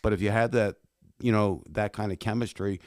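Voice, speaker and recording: A man, a former fighter and podcast guest, telling animated stories and swearing freely. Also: on the low side, a little fast, no room sound, studio quality. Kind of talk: casual podcast chat.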